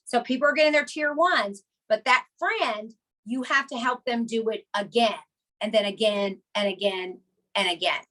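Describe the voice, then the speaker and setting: A woman hosting a motivational team call, energetic and emphatic, repeating her key points with chatty asides. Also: on the high side, normal speed.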